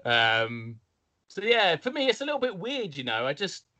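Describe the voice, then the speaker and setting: Animated podcast host, bright tone. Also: male voice, high-pitched, moderate pace. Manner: laid-back storytelling, slips into mock voices. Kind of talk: casual podcast chat.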